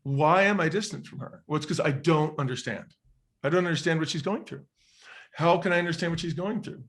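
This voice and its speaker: A man's voice: on the high side, brisk, fairly bright tone. A middle-aged man speaks as a podcast guest and tells a personal story. His delivery is earnest and reflective. He slips into the voices of the people he quotes. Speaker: interview guest, former restaurant chain executive.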